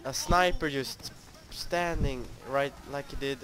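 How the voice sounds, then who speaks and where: A man's voice: mid-range voice, slow, heavy background noise. A young man giving live commentary over his own gameplay, frustrated, swearing and mocking his own skill in rambling talk.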